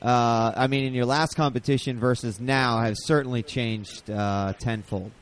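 A man's voice: medium pitch, fairly even intonation, moderate pace. A man hosting a casual gaming talk show, bantering energetically and swearing freely. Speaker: host. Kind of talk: casual chat.

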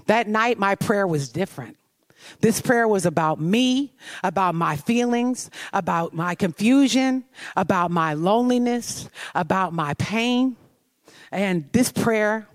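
A woman's voice: mid-range voice, animated, unhurried, dry recording. A woman sharing a personal testimony as a devotional message, earnest and confessional, often turning to ask the listener questions. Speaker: devotional speaker.

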